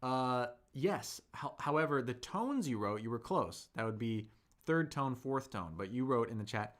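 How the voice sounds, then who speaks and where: A man hosting a live Chinese lesson, chatty and upbeat, reading viewer comments aloud and slowing down to model tones. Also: mid-range voice, big pitch swings. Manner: reads viewer comments aloud and answers them. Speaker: Chinese teacher and livestream host. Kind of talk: live-streamed language lesson reading chat.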